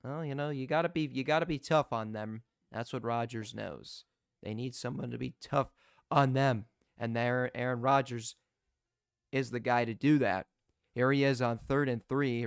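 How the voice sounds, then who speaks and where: A young man giving live play-by-play as a fan commentator, excitable and prone to restarting his sentences. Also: medium pitch, measured pace, clear, resonant tone, dry recording, studio quality. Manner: excitable, shouts in disbelief, repeats and restarts.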